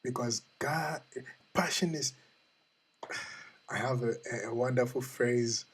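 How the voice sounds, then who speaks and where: Casting: male host, husky voice, earnest motivational speaker who keeps repeating questions straight to camera. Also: medium pitch, slow, rough recording. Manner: earnest, repetitive, questioning the listener. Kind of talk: motivational talk.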